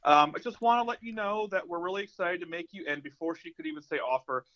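A young man telling a story on a podcast with loose energy and plenty of swearing, acting out every line of dialogue. His voice sits at an ordinary pitch. The recording is a little dull and lo-fi. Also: fast talker. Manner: animated storyteller, swears freely, acts out quotes. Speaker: podcast co-host. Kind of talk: casual chat. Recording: slightly dull lo-fi sound.

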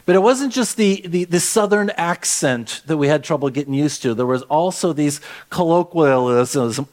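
A middle-aged man from Minnesota preaching a sermon as pastor, talking in a conversational, storytelling way with lively asides. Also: a little high, normal speed.

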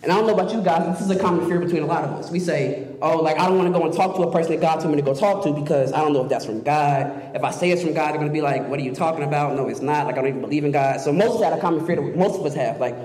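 A young man giving an excitable youth sermon to fellow students, rushing ahead as he talks. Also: fairly high pitch. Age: young adult. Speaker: student speaker. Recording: echoey hall with faint noise.

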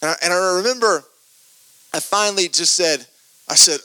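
Animated preacher telling a story. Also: male voice, on the high side, fast, no room sound. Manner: animated storyteller, lots of repeated starts. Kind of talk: sermon storytelling.

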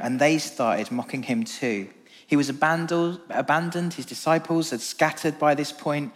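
A man preaching a sermon and reading scripture aloud, earnest and measured, dropping low and slow for emphasis. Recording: long reverb of a large hall.

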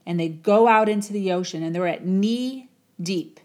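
A woman's voice: mid-range voice, normal speed, a little mellow. A woman telling a motivational parable in a dramatic, repetitive storytelling manner. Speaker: motivational speaker. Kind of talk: storytelling talk.

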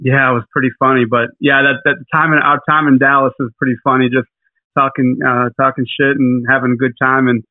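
A man's voice: mid-range voice, little pitch movement, a little fast, no echo. A man co-hosting a casual podcast, talking in a rambling, hesitant way with lots of fillers. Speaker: podcast co-host. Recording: tinny phone-like line.

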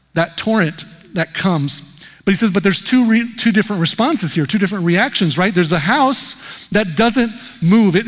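A man's voice: sits high, fairly bright tone, long reverb tail. A man preaching a sermon as pastor, talking in a conversational, emphatic way with rhetorical questions.

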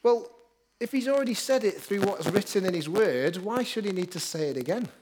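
Pastor, male, higher voice, energetic preaching with banter. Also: fairly quick, slight background noise. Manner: upbeat, joking with the congregation. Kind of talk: lively sermon.

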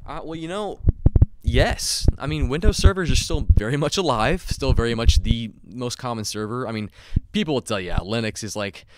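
A man co-hosting a casual live tech chat, relaxed and joking, often saying "I mean". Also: medium pitch, normal speed, no echo. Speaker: co-host.

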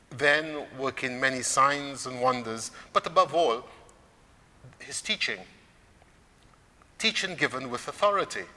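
A man delivers a sermon in a church. His voice is bright and forceful, and he preaches in a measured way, lifting it for emphasis. Long reverb trails behind each phrase. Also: medium pitch. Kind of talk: sermon on scripture.

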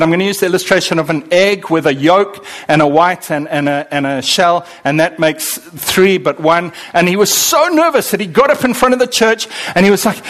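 A man preaching a sermon to a congregation, conversational and animated, joking with his listeners. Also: high-pitched.

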